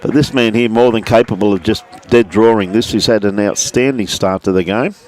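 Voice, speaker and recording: A man calls a lawn bowls match live from outdoors at the club. His voice sits a little low, and he chats easily, greeting viewers by name between shots. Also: fairly quick, a little mellow. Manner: chatty, greets viewers by name, says "mate" often. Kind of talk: live sports commentary.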